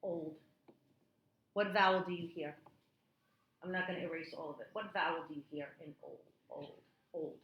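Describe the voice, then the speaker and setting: A woman tutoring a child in phonics one-on-one, patient and encouraging, repeating words slowly in a classroom. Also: on the low side, dull audio. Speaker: reading tutor. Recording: echoey room, faint noise.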